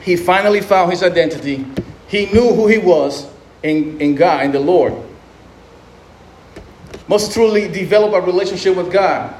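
A man's voice: high voice, normal speed, pauses often, a little mellow. A man preaching a sermon in a conversational way, often acting out quotes with restarts along the way. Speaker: pastor. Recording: echoey room, faint noise.

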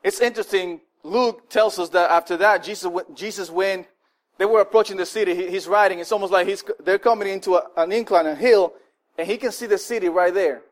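A male pastor with a high voice preaches a sermon in a loose, conversational way, with lots of fillers and restarts. He is animated and acts out the people he quotes. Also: fairly quick.

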